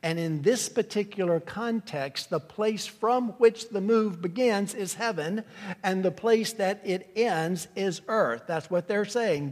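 A man delivers an earnest teaching sermon. He often restarts his phrases as he works through the verses. His voice sits slightly high and carries a long, echoing reverb, as if heard in a church hall. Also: unhurried. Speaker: pastor. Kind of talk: expository sermon.

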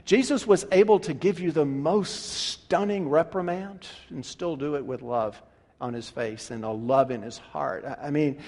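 High-voiced preacher in a reverberant church. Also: male voice. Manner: animated, rhetorical questions, swings from loud to hushed. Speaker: pastor. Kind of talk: sermon. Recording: long reverb of a large hall.

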